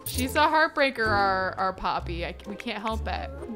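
A young woman chatting through a life-sim game session, bubbly and quick to gush and laugh over what her characters do. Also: a little high, pushed and bright, faint music behind. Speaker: gaming YouTuber. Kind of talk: Sims gameplay commentary.

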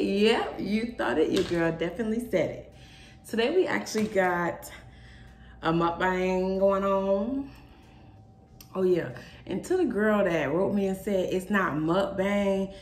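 A woman's voice: fairly low pitch, a little slow. A young woman hosting a mukbang vlog, talking straight to her viewers in a sassy, emphatic way. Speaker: mukbang vlogger. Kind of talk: casual chat to camera. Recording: echoey room with faint noise.

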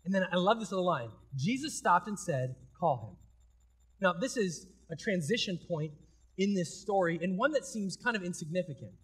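A male pastor delivers a sermon in a fairly high, slightly husky voice. He preaches in a relaxed, conversational way. He swings from loud, emphatic bursts to quiet, intense stretches. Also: moderate pace.

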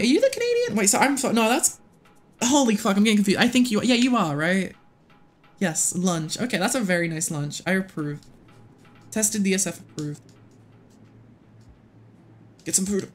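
Streamer, casual game commentary, excitable, foul-mouthed, medium pitch. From United States. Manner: excitable, swears often, talks to the game and chat. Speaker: livestreamer. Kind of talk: casual live gameplay commentary.

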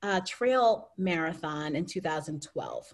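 A middle-aged woman telling her story as a guest in a casual interview, lively and laughing often as she acts out what people said. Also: sits low, unhurried. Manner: animated, laughs often, acts out quoted voices.

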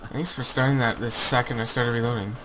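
A man's voice: mid-range voice, steady tone, quick pace, pushed and bright, faint music behind, poor audio. A man chatting, teasing and laughing while playing a game with a friend. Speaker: gamer co-host. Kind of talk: casual gaming chat.

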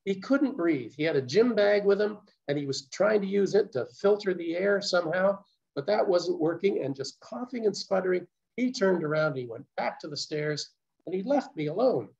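An older man recounting his story as a guest speaker, earnest and measured, with small stammers. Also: sits high, expressive, gravelly, a little mellow. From Canada. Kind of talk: personal storytelling talk. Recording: muffled lo-fi recording.

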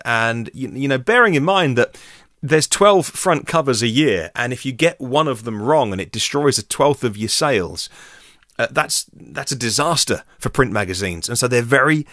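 A man's voice: medium pitch, fairly bright tone, dry recording, studio quality. Chatty man hosting a podcast. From United Kingdom. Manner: chatty, self-deprecating, rambling asides. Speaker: podcast host. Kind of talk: casual solo news podcast.

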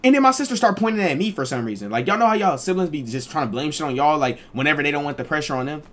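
Animated young man telling stories. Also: fairly high pitch, rapid-fire. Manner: animated, slangy and profane. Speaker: streamer. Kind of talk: casual storytime.

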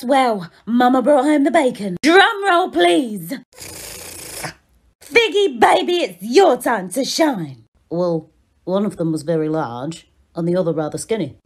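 A woman performing a comedy parody sketch, switching quickly between exaggerated characters. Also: a little high. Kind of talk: parody sketch acting many roles.

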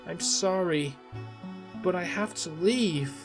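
A man reading the lines of a calm male Pokémon hero in a measured, plain voice. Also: sits high, over music. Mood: solemn.

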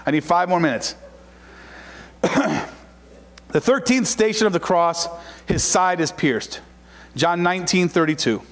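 A man preaching a sermon as pastor, building to loud, repeated emphatic lines and reading scripture slowly and deliberately. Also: high-pitched, animated, big-room sound. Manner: preaching with rising shouted emphasis and repetition.

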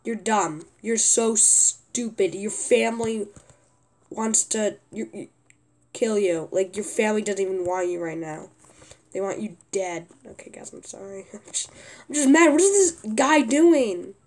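A young woman commenting on her own gameplay, often exasperated and yelling at a teammate. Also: mid-range voice, a little slow. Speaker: gaming youtuber.

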